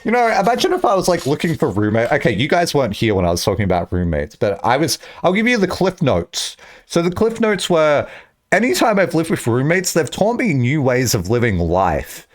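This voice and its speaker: A young man talks loosely to his stream audience, rambling from joke to joke and swearing freely. His voice sits a little high and swoops widely in pitch. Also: huge pitch swings, fairly quick. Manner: rambling, joking, swearing, bursts of shouting. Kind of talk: casual live-stream chat.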